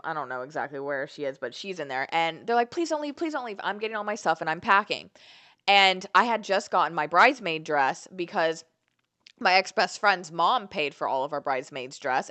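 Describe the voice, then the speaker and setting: Animated young woman telling a story. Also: fairly low pitch. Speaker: vlogger. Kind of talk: storytime vlog.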